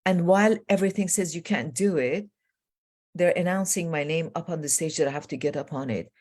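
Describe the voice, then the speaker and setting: A middle-aged woman life coach telling stories in an interview, acting out what people said with sudden jumps in pitch. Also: a little fast. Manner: lively storyteller, acts out quotes with jumps in pitch. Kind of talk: animated storytelling in a podcast interview.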